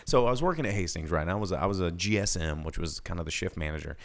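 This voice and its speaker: A man hosting a live show, telling a work story in casual chat and mimicking customers in a high voice. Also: lively intonation, racing. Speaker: podcast host.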